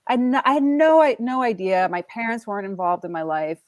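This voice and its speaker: A woman in her forties with a Brooklyn accent, a guest actress telling animated, self-deprecating stories in a casual interview and acting out the quotes. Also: fairly high pitch, a little fast, no echo. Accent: Brooklyn New York.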